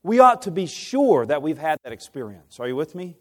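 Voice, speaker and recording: A man delivers a sermon in a voice that sits a little high for a man. He moves between soft, drawn-out appeals and loud storytelling, often stopping to put questions to his listeners. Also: sing-song. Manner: impassioned, swings from hushed to loud, asks the congregation questions. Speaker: preacher.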